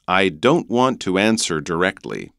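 A Canadian man with a Canadian accent, guesting on a podcast lesson and explaining English phrases in a polite, gentle way. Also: low-pitched, animated, measured pace, vocal fry, clean tone, dry recording, studio quality.

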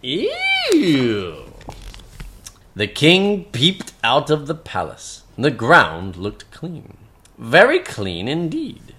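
A woman's voice: rumbling low, huge pitch swings, slow, a bit bright. A woman reading a children's picture book aloud, acting out the characters and sound effects. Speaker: story reader.

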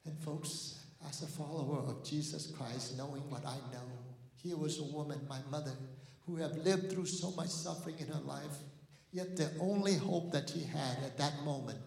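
A man's voice: on the high side, moderate pace, gravelly, a little mellow. Impassioned man preaching in echoey church. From Cambodia. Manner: storytelling that swells into impassioned pleading. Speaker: guest missionary speaker. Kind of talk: sermon testimony.

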